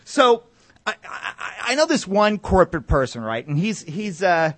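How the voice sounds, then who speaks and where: Excitable comedian man ranting. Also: sits high, measured pace, no echo. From Denver, Colorado. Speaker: contestant, comedian. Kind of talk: comic monologue.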